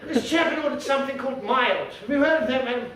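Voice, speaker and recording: A man doing stand-up as a bumbling, pompous character who turns quickly indignant, recorded on stage at a comedy club. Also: very high voice, expressive, over a noisy crowd. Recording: very echoey room from far off, noisy.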